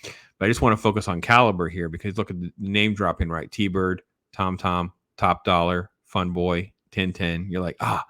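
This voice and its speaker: A man's voice: deep voice, steady tone, moderate pace, fairly bright tone, no echo, studio quality. A man chatting casually and enthusiastically about comic books, rambling with lots of fillers. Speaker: comic book collector. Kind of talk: casual video chat.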